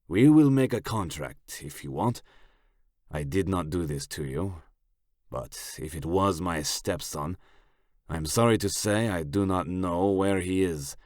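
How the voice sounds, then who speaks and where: A man voicing a menacing, slick Italian crime boss in an audiobook, with a put-on Italian accent and a slow, smug, suggestive delivery. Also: low-pitched, a little mellow, no room sound, studio quality. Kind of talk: audiobook character voice.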